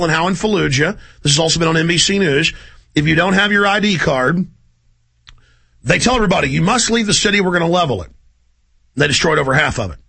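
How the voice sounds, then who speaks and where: A middle-aged man hosting a radio talk show, ranting intensely and rapidly in a conspiratorial tone. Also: high-pitched, gravelly, pushed and bright.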